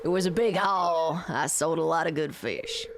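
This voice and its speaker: A folksy old fisherman with a rustic drawl, gruff but good-natured. A woman voices him while reading a video game's dialogue aloud. The voice sits lower than her own, with faint hiss behind it. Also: moderate pace. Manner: lowered voice with a put-on rustic accent.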